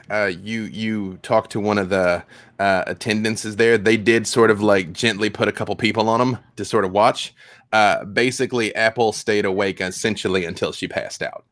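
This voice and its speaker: A man with a somewhat low voice running a tabletop game as game master. He talks casually and rambles with plenty of fillers. The sound is dry and close. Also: moderate pace, a bit bright, no room sound.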